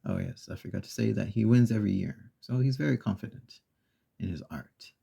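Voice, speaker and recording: A man with a gravelly, breathy voice, retelling a children's story as a soft-spoken ASMR host, slow and meandering with pauses. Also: on the low side, expressive.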